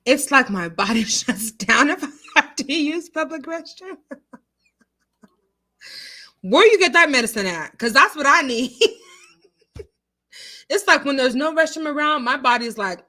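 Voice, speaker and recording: A woman's voice: high-pitched, unhurried, long pauses. A woman hosting a casual live stream, chatting and laughing as she answers viewers' comments. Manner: chatty, animated, laughs often, talks back to chat.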